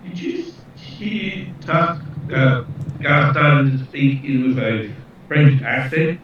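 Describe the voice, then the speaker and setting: Halting man in an echoey, dull recording. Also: medium pitch, noisy background. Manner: halting, many fillers. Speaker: player. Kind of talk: casual tabletop play. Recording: dull echoey distant sound.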